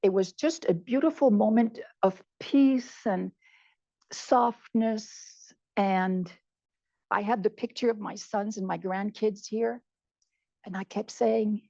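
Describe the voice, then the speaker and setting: Gravelly-voiced older woman sharing her story. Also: medium pitch, takes it slowly, dark tone, highs cut off. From Canada. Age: 70s. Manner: heartfelt, repeats words for emphasis. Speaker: conference speaker. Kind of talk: personal testimony talk.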